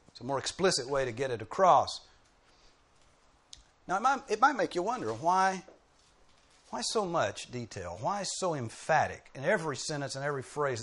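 A man's voice: mid-range voice, a bit bright. A man preaching an expository sermon, driving points home with emphatic repetition. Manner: emphatic, repeating key phrases with rising force. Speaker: pastor.

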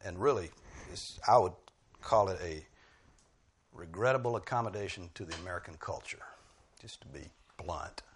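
A man's voice: low voice, expressive, normal speed, pauses often, a little hiss or hum. A male preacher delivering an expository sermon, pressing key phrases with emphatic bursts.

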